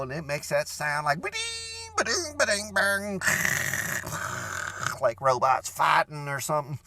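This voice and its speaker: A rambling redneck played by a man holds forth in a comedic monologue, drawling and folksy, his lines wandering off track. The voice sits a little high and swings up and down with lively inflection. It is recorded close and dry, with no room sound. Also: no room sound. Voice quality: drawling, rambling talk full of "you know".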